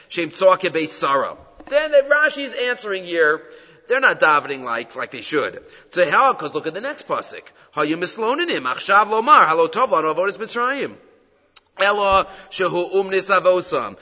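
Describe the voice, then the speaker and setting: A man teaching a Torah class in a high, lively voice that swoops up on his points. His tone is bright and emphatic as he moves between explanation and quoted Hebrew texts. The recording is dull and lo-fi, with a long echo from the hall. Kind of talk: Torah lecture.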